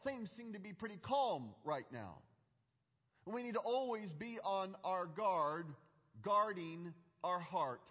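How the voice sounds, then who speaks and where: A middle-aged male pastor preaching a sermon with earnest, emphatic delivery and deliberate pauses. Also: high-pitched, long reverb tail, highs cut off.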